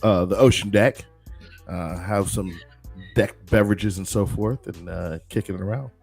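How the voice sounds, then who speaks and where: A man's voice: sits low, moderate pace, creaky, a little mellow, husky, soft background music. A man co-hosting a casual crypto stream, talking in a laid-back, rambling way with lots of fillers. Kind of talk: casual group chat.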